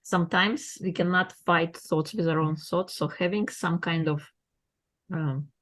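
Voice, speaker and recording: A woman's voice: on the low side, unhurried, fairly bright tone. A woman hosting a podcast, encouraging her guest in casual talk with slightly uneven phrasing. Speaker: podcast host.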